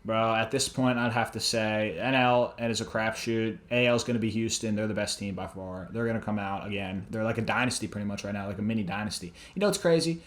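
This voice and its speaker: A man's voice: fairly low pitch, fast, few pauses. A man co-hosting a casual sports podcast, ranting and swearing freely about teams and coaches. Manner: profane, ranting, heated. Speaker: podcast co-host.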